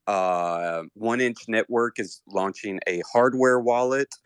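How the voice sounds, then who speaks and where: A man running through market news in a casual chat, steady, with frequent pauses. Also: fairly low pitch, clean tone, dry recording. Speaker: co-host reading crypto news.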